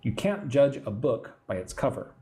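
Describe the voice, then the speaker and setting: A man's voice: mid-range voice, sing-song, normal speed, mellow. American male English teacher, live-stream lesson, patient explainer, often adds "right?". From Texas, USA. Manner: patient explaining, reads viewer comments aloud, tag "right?" often.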